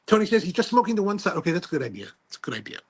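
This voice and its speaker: Hosting a live stream, a man rambles in a casual, self-deprecating way as he reads viewer comments out loud. His high voice is sing-song and breathy-edged, and he talks at a racing clip.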